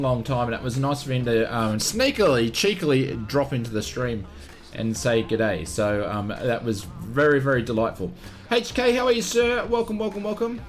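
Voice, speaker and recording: An Australian man streaming a flight sim live, upbeat and chummy, greeting viewers and repeating his welcomes. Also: high voice.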